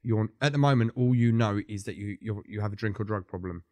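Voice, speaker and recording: A man's voice: fairly low pitch, fast talker, darkish tone, no room sound. A man co-hosting a podcast, giving earnest, blunt advice and swearing casually. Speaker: podcast co-host. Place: podcast studio.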